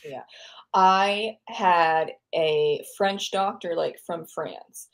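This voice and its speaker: A woman's voice: on the low side, drawn-out words. An American woman hosting a podcast, chatting casually in a rambling, self-correcting way. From United States. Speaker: podcast host. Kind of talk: casual interview chat.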